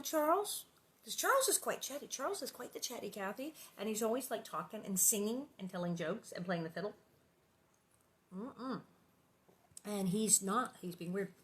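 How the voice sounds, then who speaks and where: A chatty woman hosts a casual livestream from her living room, rambling through animated asides before reading a children's book aloud. Her voice sits at a middling pitch for a woman and is recorded close to the microphone. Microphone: livestream setup.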